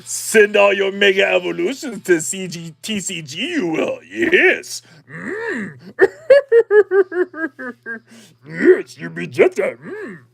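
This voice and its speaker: A man voicing a tiny, ancient alien sage who speaks in backwards word order, with humming pauses between phrases. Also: high voice, sing-song, vocal fry, fairly bright tone, breathy edge, dry recording, voice pushed up, exaggerated voice. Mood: sagely playful.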